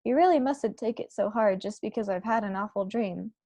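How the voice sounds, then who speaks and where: A woman's voice: mid-range voice, brisk, warm tone, no echo, close to an everyday voice. A woman playing a dignified, shaken queen. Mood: alarmed. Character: distressed queen, dignified and commanding.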